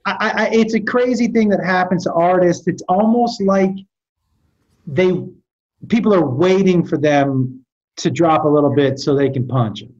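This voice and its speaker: A male podcast guest with a high-pitched voice and darkish tone talks at normal speed on a muffled recording. He tells stories animatedly in casual chat, often restarting and stammering.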